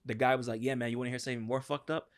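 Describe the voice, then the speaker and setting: A male podcast co-host races through a long, profane story in a medium-pitched voice on a casual show. He's animated and acts out what people said.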